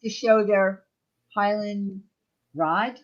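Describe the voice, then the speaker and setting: A woman hosting a casual livestream chat, teasing her co-hosts and bursting into loud laughter. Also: mid-range voice, very slow, muffled recording. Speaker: livestream show host.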